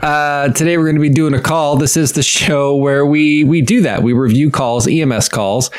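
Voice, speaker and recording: A man in his thirties co-hosts a casual podcast chat, venting with exasperated sarcasm and breaking into laughter. His voice sits a little high, with a steady tone and a moderate pace.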